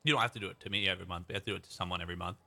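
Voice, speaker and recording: Young guy streaming from home, low-ish voice but bright and forceful, just rambling to chat. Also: steady tone, very fast, creaky. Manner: chatty, rambling, thinks aloud. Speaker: livestreamer. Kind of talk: casual chat with stream viewers.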